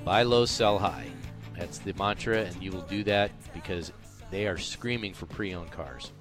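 A man's voice: deep voice, unhurried, over music. A man hosting a golf show on sports radio, talking casually and emphatically, rambling with fillers through ads and chat. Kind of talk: casual sports radio talk with live reads. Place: radio studio.

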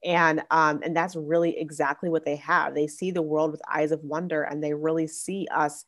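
Young woman host, relaxed talky delivery with filler-heavy restarts, voice sitting slightly low. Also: normal speed. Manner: chatty, many "like" fillers and restarts. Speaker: podcast host. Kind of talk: casual faith-based parenting monologue.

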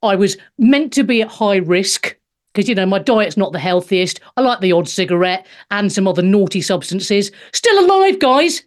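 A woman's voice: mid-range voice, normal speed. A woman in her fifties, a stand-up comedian hosting a show, sarcastically reading out and mocking news headlines, swearing freely. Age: 50s. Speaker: host.

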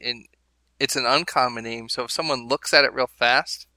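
A man's voice: medium pitch, fairly even intonation, normal speed, bright, forceful tone, no echo. A man co-hosting a podcast, chatting casually and rambling with amused asides. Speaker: podcast co-host. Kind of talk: casual chat.

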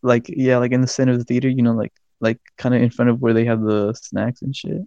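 Young male co-host, animated rambling storyteller with a profane streak; warm-toned, muffled lo-fi mic. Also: medium pitch, fast talker, vocal fry, no echo. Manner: rambling, swears a lot, animated retelling. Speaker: podcast co-host. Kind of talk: casual storytelling chat.

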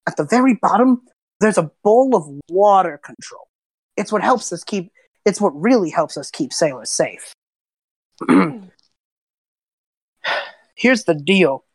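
A woman voicing a short, gruff old male lighthouse keeper with wild white hair, who talks bluntly and impatiently. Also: mid-range voice, expressive, measured pace, long pauses, no room sound.

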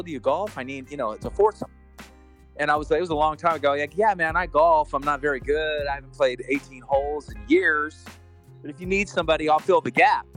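During a casual chat, a male podcast co-host rambles through a story and acts out the dialogue of the people in it. His voice is medium-pitched and a bit bright.

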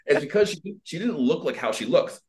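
A man's voice: a little high, fairly quick. A man, a dating coach on a podcast, telling a story casually with lots of fillers and acted-out voices. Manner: animated, filler-heavy, acts out voices. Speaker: dating and personal development coach, guest.

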